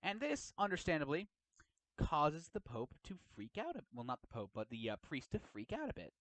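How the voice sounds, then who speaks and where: A man hosting a casual chat and retelling a roleplay story. He rambles and keeps tagging his lines with "right?". His voice is lively, with wide swings in pitch, recorded close and dry. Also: normal speed, no echo, poor audio. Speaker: host and storyteller.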